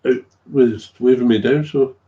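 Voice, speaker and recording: Man, mellow, rambling, repeats phrases, muffled recording. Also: mid-range voice, steady tone, measured pace. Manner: rambling, repeats himself, chuckles often. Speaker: recovering alcoholic sharing his story. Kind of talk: casual monologue. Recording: dull lo-fi recording.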